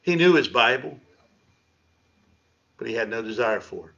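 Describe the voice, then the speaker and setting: Preaching to his congregation in the church sanctuary, the pastor keeps things conversational and slips in sarcasm. He has a medium-pitched, expressive, creaky and fairly bright voice at a moderate pace, recorded as lo-fi livestream audio.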